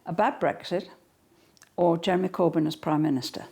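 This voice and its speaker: A woman's voice: lowish voice, fairly even intonation, a little fast, warm tone, breathy edge. An older woman being interviewed at home, talking in a forthright, blunt, straight-talking manner. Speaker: guest. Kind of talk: political interview.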